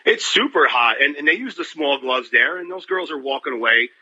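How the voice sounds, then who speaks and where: A man's voice: a little high, lively intonation, fairly quick, pushed and bright, breathy edge, lo-fi sound. A man calling in as a boxing reporter guest, chatting casually and rambling a little. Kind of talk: casual radio chat.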